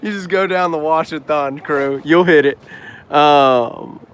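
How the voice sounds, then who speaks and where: This man, a business owner and trainer, answers viewers' questions on a casual live stream, speaking loosely, using slang and swearing freely. He talks slowly in a clean, higher-than-average voice.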